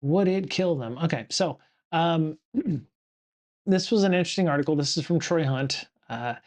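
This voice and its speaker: Streaming alone as a podcast host, this middle-aged man rambles in an easygoing way, constantly using fillers and correcting himself. He speaks on the high side, sounding animated, at a measured pace.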